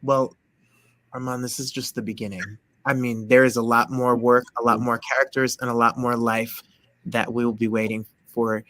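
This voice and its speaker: A man's voice: mid-range voice, flat delivery, normal speed, fairly bright tone, no room sound. A male interview host, enthusiastic and promotional, often restarting his sentences. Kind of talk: interview hosting, online show.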